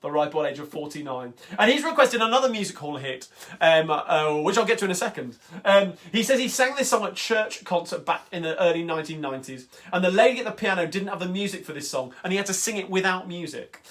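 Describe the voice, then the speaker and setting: A man's voice: high voice, expressive, quick pace, fairly bright tone. A man hosting a singalong livestream, chatting casually and eagerly between songs with plenty of ums and uhs. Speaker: singalong host. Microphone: home livestream mic. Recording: guitar music close behind the voice.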